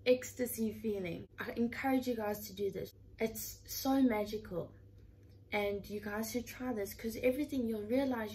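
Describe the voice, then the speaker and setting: A woman's voice: a little high, warm tone, slight background noise, rough recording. A woman in her twenties talking in a casual, heartfelt way from her room at home, earnest and chatty, often leaning on the word "literally.". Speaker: vlogger.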